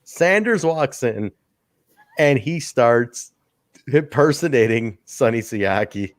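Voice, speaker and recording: A man co-hosting a casual podcast chat, laughing often and acting out quotes in a high voice. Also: lively intonation, takes it slowly, no room sound, clean studio sound. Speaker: podcast co-host.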